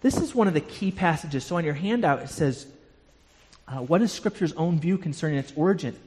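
A man's voice: a little high, lively intonation, a little fast, a little mellow. Man teaching a Bible class in a reverberant hall. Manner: explanatory, repeats words when restarting.

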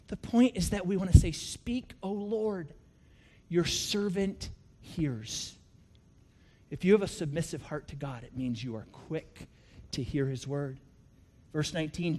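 High-voiced man preaching a lively sermon. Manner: animated storytelling with strong swings from loud to hushed. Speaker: pastor.

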